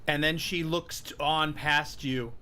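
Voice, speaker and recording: A man narrating a live tabletop role-playing game as game master, telling the scene slowly and dramatically. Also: fairly high pitch, sharp tone, slight background noise. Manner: slow, dramatic storytelling.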